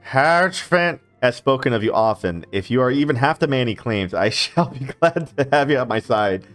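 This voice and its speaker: A man's voice: medium pitch, expressive, a bit bright, faint music behind, pitched above the performer's own voice, natural voice. A man reading a stiff proud knight. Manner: formal, stiff, measured. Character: stiff proud young knight, eldest noble son.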